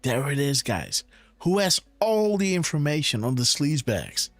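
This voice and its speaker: Very animated but keeping a measured pace, the host of a live political commentary show talks in a slightly high voice. He fires off insistent rhetorical questions, constantly turns to his audience, and repeats "guys" and "right?". There's soft background music and no room sound.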